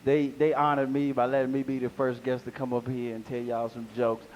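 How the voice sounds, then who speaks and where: A man's voice: medium pitch, fairly quick, highs cut off. A man performing a live stand-up set, talking back and forth with the crowd. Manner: animated crowd work, talks to audience. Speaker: stand-up comedian. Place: small live venue.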